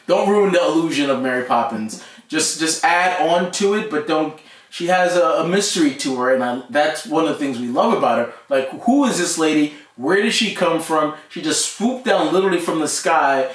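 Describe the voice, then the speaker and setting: A man's voice: on the high side, animated, moderate pace. A man co-hosting a casual pop-culture chat, talking emphatically and often restarting his words. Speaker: co-host. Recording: roomy echo, mic at a distance.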